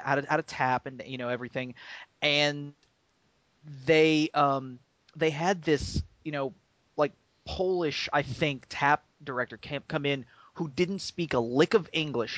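A man's voice: a little high, no room sound. A man co-hosting a podcast in casual chat, telling stories with enthusiasm. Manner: animated storyteller, enthusiastic. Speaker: podcast co-host.

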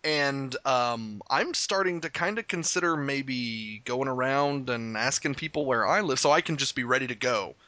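Excitable man with a bright, dry voice. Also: medium pitch, moderate pace, few pauses, dry recording. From Arkansas. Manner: excitable, profane, laughs often. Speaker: podcast co-host. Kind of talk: casual chat.

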